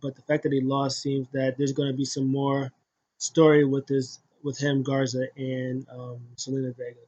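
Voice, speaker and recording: A man's voice: mid-range voice, completely flat delivery, normal speed, darkish tone, muffled recording. A man casually recapping a wrestling show, rambling with many fillers and restarts and acting out what people said.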